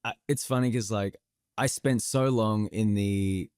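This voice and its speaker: A man's voice: fairly low pitch, steady tone, unhurried, darkish tone, clear, resonant tone, no room sound, studio quality. A man with an Australian accent, an actor chatting animatedly as a guest on a podcast interview.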